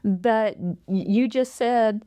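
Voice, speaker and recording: A woman's voice: fairly high pitch, slow pace, dark tone. Earnest middle-aged woman co-host. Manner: earnest, emphatic, often checks in with "right?". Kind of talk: casual conversational podcast.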